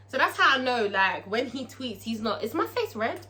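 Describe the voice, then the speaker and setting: A woman recapping a TV episode in a casual vlog, profane and excitable, tagging her lines with "okay?". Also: sits high, moderate pace. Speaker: TV show reviewer.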